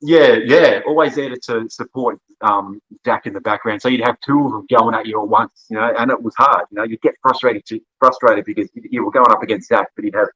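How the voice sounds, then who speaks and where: A man with an Australian accent chats as a podcast guest, winding through his stories and stopping to correct himself. His voice sounds bright but husky, a bit low, and comes through muffled, lo-fi audio. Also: brisk, hardly any pauses. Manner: rambling storyteller, laughs often, self-corrects. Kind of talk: casual conversation.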